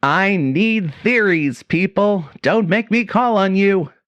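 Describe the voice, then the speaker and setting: A woman voicing a blustering middle-aged male army colonel who speaks slowly and pompously. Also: medium pitch, no room sound, lo-fi sound, pitched above the performer's own voice, lightly acted. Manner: slow, commanding.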